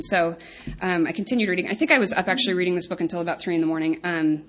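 Woman, 30s, women's ministry speaker; earnest and chatty, lowish voice. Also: quick pace, a bit bright. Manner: earnest, chatty, many ums and asides. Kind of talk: talk to a women's group.

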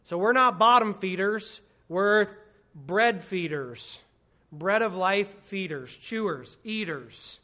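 A man with a noticeably high speaking voice delivers an expository sermon at an unhurried pace. He teaches conversationally, drops wry asides, and draws out the phrases he wants to stress. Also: sharp tone. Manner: slows and stresses key phrases. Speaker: pastor.

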